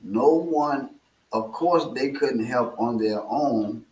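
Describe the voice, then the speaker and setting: A man preaching through a parable, slow and deliberate, with filler uhs and repeated phrases. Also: medium pitch, a little mellow. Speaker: speaker. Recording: echoey room.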